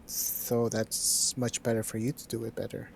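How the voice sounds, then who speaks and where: A laid-back co-streamer chatting casually, quick to laugh and swearing now and then. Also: medium pitch, completely flat delivery, creaky, slight background noise. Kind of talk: casual chat on a livestream.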